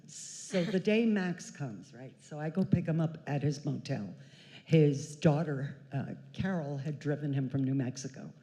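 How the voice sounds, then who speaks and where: A woman in her sixties telling a family story on a church stage, chatty and animated, often laughing. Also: deep voice. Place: large church hall. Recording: church hall with long reverb.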